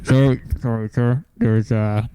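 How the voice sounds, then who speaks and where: A man voicing an apologetic male British fast-food clerk who keeps saying sorry. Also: mid-range voice, steady tone, dark tone, slight background noise, natural voice, poor audio. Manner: nervous, repeated apologies.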